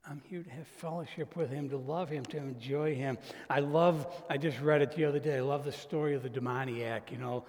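Gravelly pastor preaching in a hall. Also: male voice, mid-range voice, fairly even intonation, a little fast, hardly any pauses, a little mellow. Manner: conversational, emphatic, with asides and quoted dialogue. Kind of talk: sermon.

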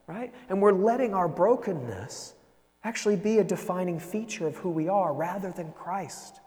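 Animated preacher man in a reverberant hall. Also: high-pitched, normal speed. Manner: animated, conversational preaching, frequent "right?" tags. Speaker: pastor. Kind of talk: sermon.

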